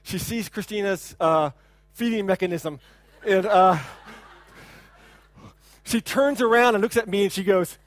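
A man in his thirties preaching a sermon as a pastor, talking in a loose conversational way with repeated words and sudden loud bursts when he imitates a child. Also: sits high, moderate pace, no room sound. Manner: animated preaching, shouts to imitate a crying child. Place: church hall.

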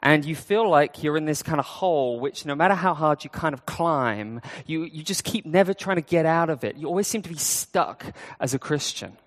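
Preacher, male, higher-pitched voice, chatty sermon delivery, long church reverb. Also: expressive, moderate pace, few pauses. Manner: conversational, with fillers and restarts.

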